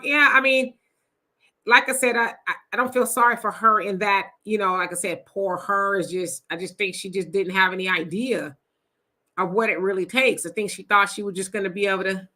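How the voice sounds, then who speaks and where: Bright-voiced woman hosting a casual livestream. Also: mid-range voice. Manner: chatty, reads out comments and answers them, many fillers. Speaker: livestream host reading viewer comments.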